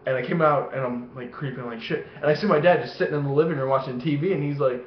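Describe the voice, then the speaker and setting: A young man vlogging, telling rambling personal stories with constant swearing and animated voices. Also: fairly high pitch, very fast, slight background noise. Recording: echoey room, dull lo-fi sound.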